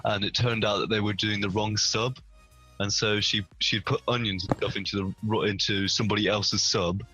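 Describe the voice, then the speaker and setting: A man's voice: moderate pace, dull audio, faint music behind. A young man co-hosting a casual podcast, telling funny stories and acting out the people in them. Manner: animated storyteller, jumps high when acting out quotes. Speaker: podcast co-host. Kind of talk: casual chat.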